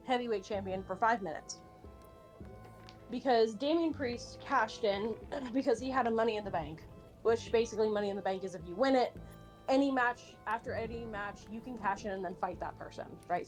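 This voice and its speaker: A woman streamer chatting casually and animatedly, rambling with many fillers and restarts, and swearing now and then. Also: a little high. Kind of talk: casual chat while drawing.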